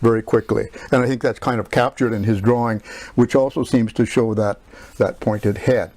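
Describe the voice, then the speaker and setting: A man giving a presentation talk, measured and often hesitating with filler sounds. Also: mid-range voice, steady tone, darkish tone. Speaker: lecturer.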